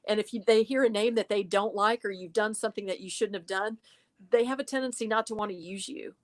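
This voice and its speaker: A woman, a voice-over actress, talking as a lively and emphatic interview guest over a video call. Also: medium pitch, fast. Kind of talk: casual interview talk.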